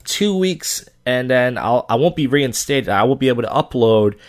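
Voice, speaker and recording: A man's voice: mid-range voice, expressive, normal speed. A young man hosting a casual solo podcast, rambling and venting bitterly with plenty of swearing. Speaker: podcast host.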